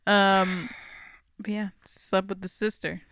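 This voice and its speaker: A young adult co-host chatting casually on a podcast, retelling stories in an animated way, laughing often and swearing freely. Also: medium pitch, takes it slowly, no room sound, studio quality.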